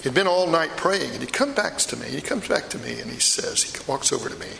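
Passionate middle-aged fisherman apostle Peter, played by a man in a sermon, bright edge, long hall reverb. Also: mid-range voice, expressive, fairly quick, gravelly, slight background noise, full character voice. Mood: earnest. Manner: storytelling, emphatic, confiding asides. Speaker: preacher performing a first-person monologue. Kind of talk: dramatic monologue sermon.

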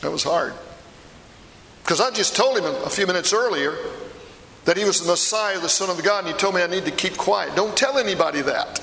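Passionate middle-aged fisherman apostle Peter, played by a man in a sermon, bright edge, long hall reverb. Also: sits high, fairly quick, creaky, full character voice. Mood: earnest. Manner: storytelling, emphatic, confiding asides. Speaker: preacher performing a first-person monologue. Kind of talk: dramatic monologue sermon.

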